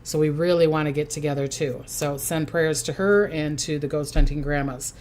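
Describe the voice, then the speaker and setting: Older woman, Minnesota accent, lowish voice, rambling and chatty as a psychic hosting a casual livestream. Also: steady tone, moderate pace, darkish tone, slight background noise. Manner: chatty and rambling, reading out viewer comments. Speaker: psychic host.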